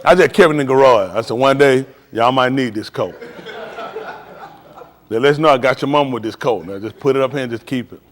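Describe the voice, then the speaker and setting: A man's voice: mid-range voice, brisk, in a large hall. A middle-aged man, a preacher, giving casual advice on a live stream, telling stories in vernacular and laughing as he goes.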